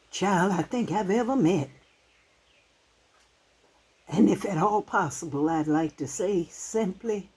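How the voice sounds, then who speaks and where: Older lady in her 60s talking to her viewers, kinda husky, lots of ups and downs in her voice, heartfelt. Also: on the low side, mellow. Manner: heartfelt, halting, emotional. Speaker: channel host. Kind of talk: casual talk to camera.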